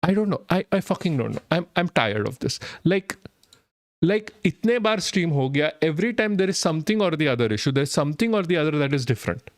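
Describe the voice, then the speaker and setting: Hoarse sick man ranting. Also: on the high side, big pitch swings, fairly quick, dry recording, studio quality. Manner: frustrated, swears heavily, mixes in Hindi. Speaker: streamer. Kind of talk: live stream rant.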